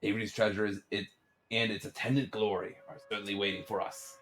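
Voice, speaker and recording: A man in a put-on pirate accent voicing a solemn old-time pirate captain as he reads journal entries aloud in a low, formal way. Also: flat delivery, a bit bright, slight background noise. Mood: grave. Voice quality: low, measured and grandly formal.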